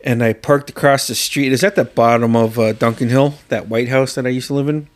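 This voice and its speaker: A man's voice: medium pitch, steady tone, a little fast. Swearing, laughing man telling stories. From southeast Alaska. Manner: swears freely, acts out quotes loudly, laughs often. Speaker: podcast co-host. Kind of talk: casual storytelling chat.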